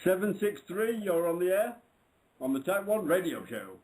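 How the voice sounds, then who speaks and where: Male call-in host, lively intonation, halting delivery over faint clicking noise. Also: sits high, low-quality recording. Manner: hesitant, drawn-out, many "uh"s. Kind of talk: hosting a call-in show.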